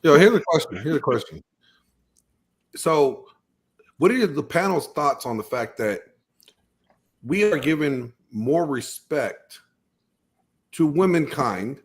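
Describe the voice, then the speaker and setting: A man's voice: mid-range voice, husky. A man on a casual discussion panel who argues his point emphatically. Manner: argumentative, emphatic.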